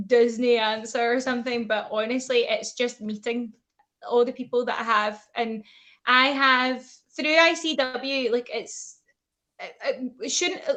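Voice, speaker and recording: A woman's voice: sits high, bright, forceful tone. A woman chatting casually on a video call, telling stories with lots of giggles. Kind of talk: casual chat.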